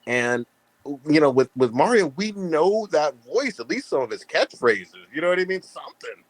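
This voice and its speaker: A man's voice: a little high, big pitch swings, normal speed, dry recording. A man hosting a casual podcast chat, blunt and heavy on profanity, talking with emphasis. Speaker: podcast host.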